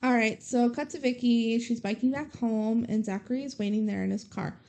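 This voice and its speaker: A woman co-hosting a podcast casually recaps a movie scene by scene, chatty and storytelling, saying "like" a lot. Her voice is slightly high and dark-toned with vocal fry, at a normal speed.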